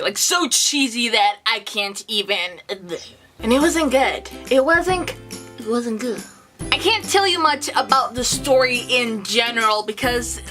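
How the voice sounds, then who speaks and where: A woman giving a casual video book review, animated and expressive and swearing freely. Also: a little high.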